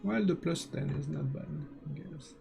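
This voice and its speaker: A man's voice: on the high side, normal speed, creaky, mellow, soft background music. A man with a French accent giving casual, think-aloud commentary while streaming a game, often restarting his sentences.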